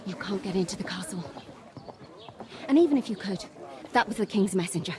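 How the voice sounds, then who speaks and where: An actress voicing a proud, sharp-tongued noble lady who speaks curtly. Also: mid-range voice, lively intonation, fairly quick, noisy background, lightly acted. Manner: curt, indignant. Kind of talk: video game voice acting.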